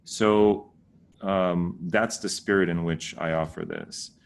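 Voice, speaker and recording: A man's voice: low voice, steady tone, takes it slowly, clean tone. A man giving a casual lesson, patiently repeating words to correct how people say them. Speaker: teacher.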